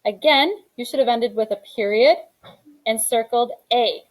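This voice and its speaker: A woman's voice: on the high side, measured pace, poor audio. Woman teacher going over answers. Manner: reads each item aloud then explains the answer. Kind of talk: classroom grammar lesson. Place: classroom.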